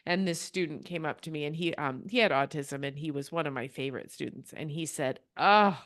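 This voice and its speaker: A middle-aged woman co-hosting a podcast, chatting in an animated way and sharing classroom stories. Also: deep voice, fairly quick, no echo, studio quality. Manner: animated, laughs between stories. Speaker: podcast co-host. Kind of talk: casual podcast conversation.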